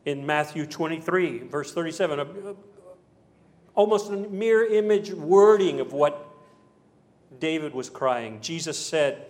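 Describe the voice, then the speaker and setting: A man preaching a sermon, telling a story dramatically and moving between emphatic passages and hushed ones. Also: a little high, expressive, a little slow. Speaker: pastor.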